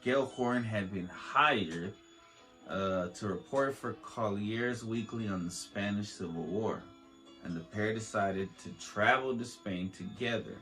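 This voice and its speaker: A man's voice: on the low side, unhurried, fairly bright tone, faint music behind, low-quality recording. A man hosting a podcast, reading a history aloud with stumbles, restarts and joking asides. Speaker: podcast host. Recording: faint beat playing under the voice.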